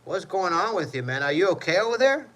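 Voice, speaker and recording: Livestream host, male, slightly high voice, loose rambling delivery, chats with his viewers. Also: big pitch swings, fast talker, fairly bright tone, poor audio. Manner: rambling, repeats "you know what I mean". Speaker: livestream host reading chat. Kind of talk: casual livestream chat.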